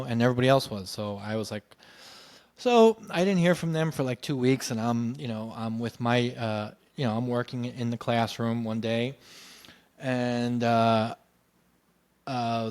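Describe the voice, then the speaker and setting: A man in casual storytelling, animated and acting out what others said. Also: mid-range voice. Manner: animated, acts out quoted voices. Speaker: podcast guest telling his story.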